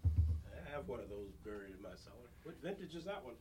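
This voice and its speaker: A playful man chats on a radio wine show and ribs the others. His voice sits at an ordinary middle pitch. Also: big pitch swings, fairly quick, warm tone, slight background noise. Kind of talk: casual chat.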